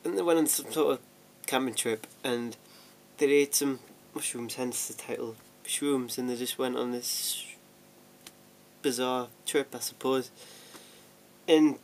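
A man's voice: mid-range voice, fairly even intonation, measured pace, a little mellow. A young man rambling casually in a home vlog, chatty and self-deprecating, laughing often and restarting his sentences. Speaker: vlogger. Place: at home sorting DVDs.

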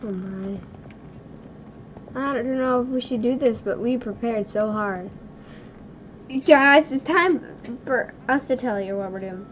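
A young woman hosting a casual gaming video, excitable, giggly and nervous as she plays with a friend. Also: fairly high pitch, slow pace, long pauses, muffled recording, slight background noise. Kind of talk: casual gameplay chat.

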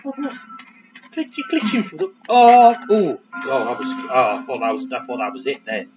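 A man's voice: medium pitch, animated, moderate pace. A man giving casual, jokey commentary while playing a video game, muttering to himself. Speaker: let's play commentator. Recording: dull lo-fi audio over game music. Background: game music.

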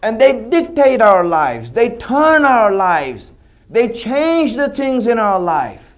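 High-voiced man giving a sermon. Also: very animated, slow, lo-fi sound. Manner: repetitive, conversational storytelling. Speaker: religious speaker. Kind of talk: sermon with storytelling.

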